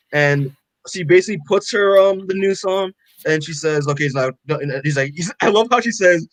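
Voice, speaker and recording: Talking fast in a high, fairly bright voice, this man co-hosts a podcast and casually recaps a comic, rambling, profane, and heavy with fillers. The audio is dry and low quality.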